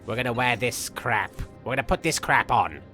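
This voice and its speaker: A man putting on a vain, mock-menacing villain persona, bright and sharp in tone, bouncing between sing-song silliness and grumbling asides. Faint game music plays behind him. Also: medium pitch, animated, normal speed. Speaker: streamer voicing a cartoon villain persona. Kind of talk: live game stream chat with in-character banter.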